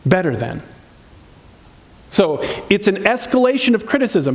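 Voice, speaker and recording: A high-pitched man delivers a sermon in a chatty, conversational way. He keeps asking his listeners questions. He acts out hurtful remarks in changed voices to make his points. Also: big pitch swings, measured pace, pauses often. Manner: conversational, asks the audience many questions. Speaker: pastor.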